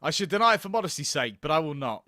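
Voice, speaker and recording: A man's voice: on the high side, sing-song, very fast, pushed and bright, no echo, studio quality. A man voicing a proud, stubborn old master locksmith who grumbles about never getting paid, in a video game. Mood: defensive grumbling.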